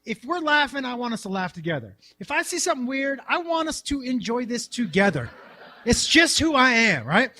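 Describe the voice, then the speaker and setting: A man telling a story on stage as a stand-up comedian and joking with the crowd, jumping between shouts and mutters. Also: very high-pitched, big pitch swings, a little fast. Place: large hall with a live audience.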